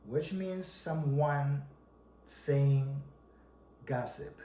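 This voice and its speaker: A man from China, a Mandarin speaker, teaching a language lesson, slow and deliberate, repeating each example word. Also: mid-range voice, mellow. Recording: echoey room with faint background noise.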